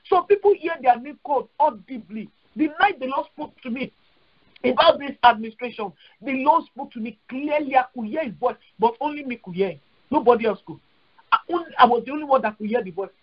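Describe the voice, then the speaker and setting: A woman's voice: on the high side, husky. A Nigerian woman pastor leading a prayer call, preaching with fervent, repetitive declarations and praying in tongues. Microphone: phone dial-in. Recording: dull lo-fi phone call audio.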